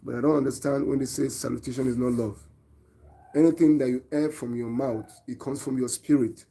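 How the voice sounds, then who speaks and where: Warm husky Nigerian man preaching. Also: mid-range voice, steady tone, a little fast. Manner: earnest, preachy, asks viewers rhetorical questions. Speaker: online show host. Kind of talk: opinion monologue to viewers.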